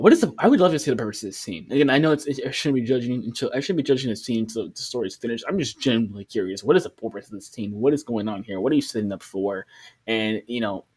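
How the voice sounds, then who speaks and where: Husky-voiced man doing rambling reaction commentary. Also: mid-range voice, a little mellow. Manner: rambling, with many restarts and fillers; incredulous, questioning. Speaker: online comic reaction commentator.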